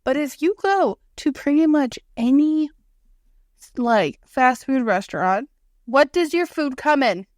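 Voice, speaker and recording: High-voiced, blunt joking woman. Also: animated, a little slow, darkish tone, no room sound, clean studio sound. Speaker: podcast co-host. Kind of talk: casual chat.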